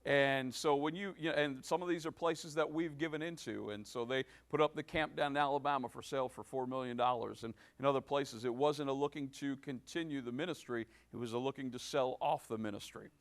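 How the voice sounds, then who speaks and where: A male pastor giving a sermon, with many restarts and fillers, building to emphatic points. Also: mid-range voice. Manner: halting with many restarts, rising to emphatic preaching.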